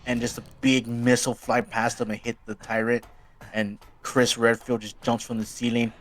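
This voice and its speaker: A man's voice: medium pitch, level tone, moderate pace, fairly bright tone. A young man hosting a gaming video, chatting casually and giggling while he rambles through a made-up story. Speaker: host.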